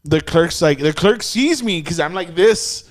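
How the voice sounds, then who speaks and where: In a clean studio recording with no room sound, a man with a voice on the high side narrates a tale on his podcast a little slowly. He's lively and crude, acting out each character he mentions.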